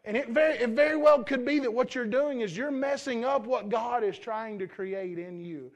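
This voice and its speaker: A man's voice: extremely high pitch, moderate pace. A male preacher giving an earnest sermon, often repeating and restarting his words, then leading a closing prayer.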